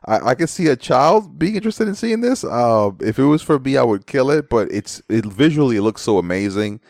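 An American man in his thirties, co-hosting a casual movie review chat, joking and expressive. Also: medium pitch, a little fast, creaky, no echo.

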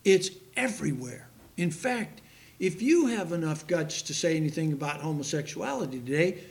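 This older preacher's gravelly voice sits on the high side, with lively intonation at a normal speed. His sermon is fervent and forceful, punctuated by abrupt loud bursts, and he trips over difficult names while reading from scripture.

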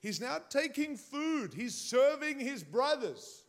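High-voiced man preaching a sermon. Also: sing-song, takes it slowly. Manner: conversational, addresses the congregation directly.

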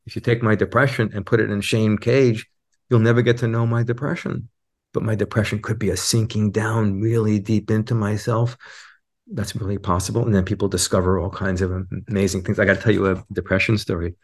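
A man with a lowish voice talks through ideas in a reflective podcast conversation. He is an animated storyteller who jumps his pitch up whenever he acts out what someone else says. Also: a little fast. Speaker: guest teacher.

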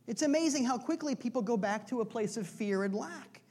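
A pastor preaching a sermon in a conversational, joking way, asking rhetorical questions again and again and sometimes dropping to a soft, hushed delivery. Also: mid-range voice, expressive, a little fast, hardly any pauses, breathy edge.

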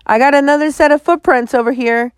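A woman reading a brisk woman deputy who calls out her findings loudly and plainly. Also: high-pitched, lively intonation, no room sound, studio quality, pitched above the performer's own voice. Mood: matter-of-fact. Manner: loud, matter-of-fact.

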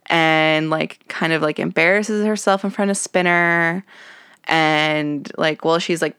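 A young woman with a fairly low, smooth voice hosts a podcast in a sarcastic, casual way. She chats loosely with plenty of "like" fillers and jumps into higher voices to quote characters. The sound is close and dry. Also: a bit bright, dry recording. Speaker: podcast host. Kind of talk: casual chat recapping a TV show.

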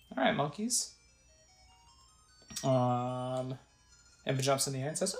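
Brief: casual woman gamer, low voice with a lively lilt, reading on-screen text aloud. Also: moderate pace, gravelly, pauses often, roomy sound, faint music behind, rough recording. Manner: chatty, describes the screen and reads the text aloud. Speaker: gamer narrating a let's play. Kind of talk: casual gameplay narration.

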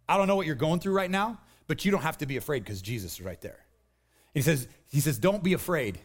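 A man's voice: a little high, lively intonation, brisk. A man preaching a sermon, telling the story with energy and acting out the voices he quotes. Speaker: pastor.

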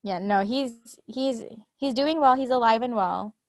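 A young woman guests on a casual podcast, teasing and laughing often in a slightly high voice. She talks as a student teacher among friends. The recording is dry and close. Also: measured pace, dry recording. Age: young adult. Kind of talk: casual chat.

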